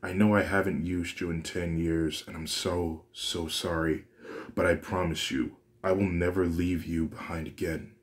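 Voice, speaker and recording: Guy reading as a gentle earnest young hero, deep voice, soft and sincere. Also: level tone, a little slow. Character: earnest, gentle young man with fire powers.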